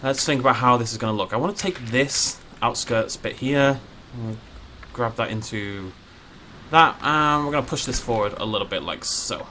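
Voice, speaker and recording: A man talking through a game build in a relaxed, chatty way, full of jokey asides and self-mockery. His voice sits at an ordinary pitch for a man, with a faint ambient hum in the background. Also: normal speed. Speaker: gaming YouTuber. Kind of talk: casual gameplay commentary.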